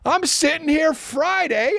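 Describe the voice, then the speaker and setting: Comedian guy ranting on his podcast, high-ish voice jumping all over, swearing a lot, dry close mic. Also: a little slow, vocal fry, no echo. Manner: animated, profane, ranting with acted-out voices. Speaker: podcast host. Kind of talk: comedic storytelling rant.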